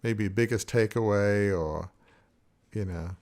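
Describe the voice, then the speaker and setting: A man with a fairly low voice, hosting a podcast interview. He muses reflectively and then turns his thoughts into open questions for his guest. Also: takes it slowly, a little mellow. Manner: reflective, asks searching questions. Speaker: podcast host.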